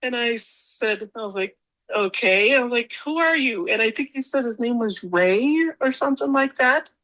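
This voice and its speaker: A woman's voice: a little high, moderate pace, fairly bright tone, poor audio. A woman guest telling her stories in a casual interview, rambling and repeating words as she acts out what she said.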